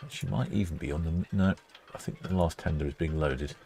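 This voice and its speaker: A man's voice: extremely low pitch, brisk, vocal fry, warm tone, slight background noise. A man hosting a live stream, chatting casually, reading out viewer comments and poking fun at himself. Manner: chatty, self-mocking, thinks aloud.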